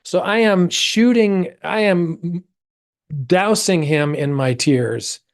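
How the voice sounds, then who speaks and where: Brief: middle-aged American man, podcast guest, expressive storyteller who jumps into quoted voices. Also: takes it slowly, creaky. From United States. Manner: animated, acts out quoted voices with big pitch jumps. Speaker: actor. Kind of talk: personal storytelling in a podcast interview.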